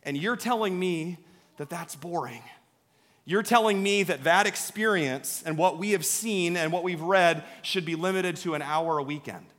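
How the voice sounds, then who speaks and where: Male pastor, 30s, storytelling sermon, emphatic and chatty, higher voice, reverberant sanctuary. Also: normal speed, a bit bright. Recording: long hall reverb.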